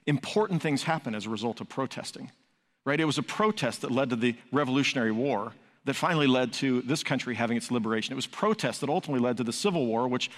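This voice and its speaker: A man's voice: mid-range voice, expressive, quick pace. A man preaching a sermon as pastor, emphatic, building to raised peaks and asking rhetorical questions. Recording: long hall reverb.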